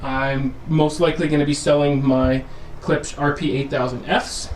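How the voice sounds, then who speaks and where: Addressing viewers as "guys," a man runs a casual home theater vlog and teases upcoming content, speaking into a camera mic in his home theater room. He has a higher voice with a level tone and a moderate pace, and there's slight background noise.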